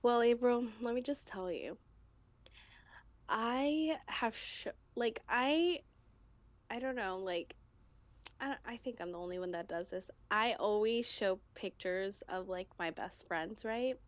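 A woman's voice: mid-range voice, a little slow. A woman co-hosting a podcast in casual chat, giggly and full of fillers. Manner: chatty, giggly, lots of fillers. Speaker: podcast co-host.

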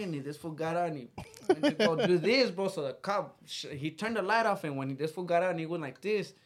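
A man's voice: fairly high pitch, expressive, a little fast. A man from Texas, a boxer guesting on a podcast, telling a story in a casual, profane, slangy way and acting out the people in it. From Texas, USA. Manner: slangy and profane, acts out the voices in his stories.

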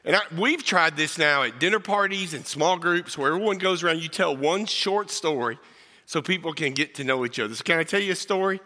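A man's voice: a little high, a little fast, bright, forceful tone, big-room sound. A man from South Texas, preaching as a guest pastor and telling a personal story in a folksy way that jokes with the congregation. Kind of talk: storytelling sermon. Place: church sanctuary.

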